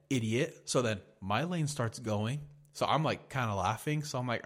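A man's voice: mid-range voice, moderate pace, a bit bright, husky. Profane man ranting on a podcast. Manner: profane, heated storytelling. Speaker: podcast host. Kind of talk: casual podcast rant.

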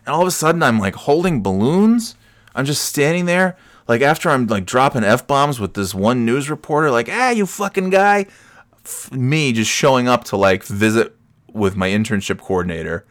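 A man's voice: medium pitch, animated, moderate pace. A man telling a casual personal story, rambling with many restarts and swearing freely with self-mocking humor.

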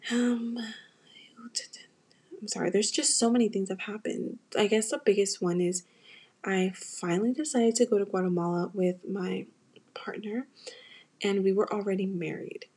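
A young woman from the United States hosts her own podcast and tells a personal story in a casual, confessional way. Her voice is airy and breathy, at a mid pitch, and she speaks to her listeners directly and with open emotion. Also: steady tone, a little slow, a little mellow. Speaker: podcast host.

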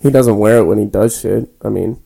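A man's voice: lowish voice, a little fast, gravelly, mellow, husky. A man co-hosting a podcast from a spare room at home, teasing and sarcastic in casual chat, swearing freely. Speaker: podcast co-host.

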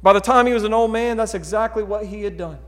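A man preaching a sermon as pastor, earnest and pleading, dropping to a hush and rising to emphatic calls. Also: high voice, fast. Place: church sanctuary. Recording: long hall reverb.

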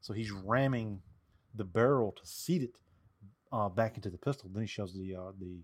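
A man with a fairly low voice talking casually on a podcast. He walks through old firearm gear step by step with a joking, easygoing manner. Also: moderate pace, breathy edge. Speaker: podcast co-host, Civil War reenactor. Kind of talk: casual chat.

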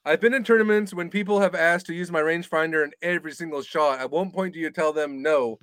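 Casting: male podcast co-host, high voice, dry close sound, rambling and jokey. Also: fast talker, a bit bright, no room sound. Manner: rambling, filler-heavy, joking. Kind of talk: casual chat.

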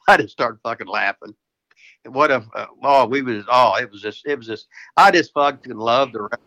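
A man's voice: mid-range voice, moderate pace, pushed and bright, muffled recording. An older American man, a retired wrestler, telling rowdy stories as a guest, swearing constantly and laughing mid-sentence. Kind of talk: profane casual storytelling.

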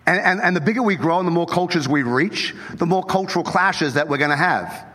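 A man with an Australian accent, the lead pastor, preaching an animated, joking sermon. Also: fairly high pitch, fairly quick. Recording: long hall reverb.

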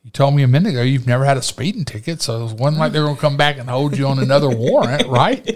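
A man's voice: medium pitch, lively intonation, quick pace. A man hosting an interview show, talking conversationally and asking leading questions. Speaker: show host. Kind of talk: casual interview.

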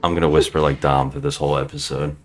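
A man's voice: extremely low pitch, flat delivery. A man hosting a podcast in casual, jokey chat with friends. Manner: jokey, quick banter. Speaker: podcast host.

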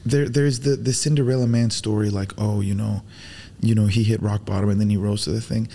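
He's a podcast guest who grew up in the Arab world, chatting casually as an animated storyteller who voices quotes and uses plenty of profanity. The voice is lowish and fairly quick.

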